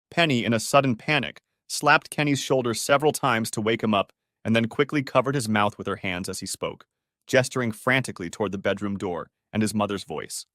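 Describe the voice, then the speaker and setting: A man's voice: lowish voice, fairly quick, fairly bright tone, no room sound, studio quality. A man narrating a scripted story, reading steadily and voicing every character himself.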